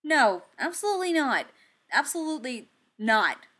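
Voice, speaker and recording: A woman's voice: big pitch swings, normal speed. Woman voicing an exasperated, grumbling male inventor. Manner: loud, high-pitched protests. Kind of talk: audiobook character reading.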